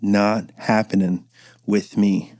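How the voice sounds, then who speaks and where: Man, podcast host, casual profane chat, low warm voice, dry sound. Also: level tone, slow pace, no room sound. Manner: profane, rambling, acts out quoted voices.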